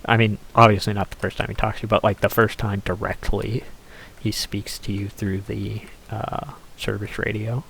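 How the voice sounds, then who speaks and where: A man's voice: on the low side, little pitch movement, moderate pace, vocal fry, fairly bright tone, slightly rough. A man giving casual, rambling commentary over a game he is playing, swearing offhandedly and using lots of fillers. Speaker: gameplay commentator.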